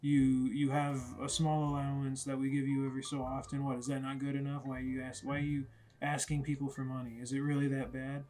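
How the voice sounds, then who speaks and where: A man's voice: mid-range voice, monotone, quick pace, hardly any pauses, fairly bright tone, in a whisper, lightly acted. A man voicing an overworked, irritable father who scolds his son in a retold story. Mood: scolding. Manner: scolding, exasperated.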